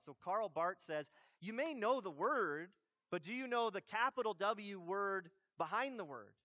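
A man, a pastor, giving a sermon in a conversational, animated way with casual asides. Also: fairly high pitch, no room sound, lo-fi sound.

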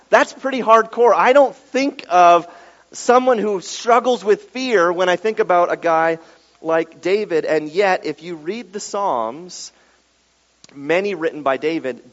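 A man preaching a sermon, telling a story with lively acted-out quotes and dropping to a hushed tone when reading scripture. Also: high voice. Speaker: pastor. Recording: dull sound with long reverb in a large room.

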